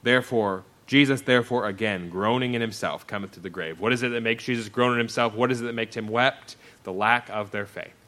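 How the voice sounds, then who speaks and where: A man preaching a sermon, reading scripture aloud and explaining it earnestly, moving between loud emphasis and quiet, slow passages. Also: mid-range voice, steady tone. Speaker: pastor.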